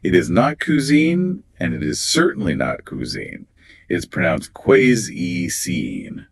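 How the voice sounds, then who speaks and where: A man's voice: extremely low pitch, big pitch swings, moderate pace, breathy edge, no echo. A man co-hosting a scripted English exam lesson, explaining phrases and pronunciation in an emphatic, explanatory way. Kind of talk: scripted two-host lesson dialogue.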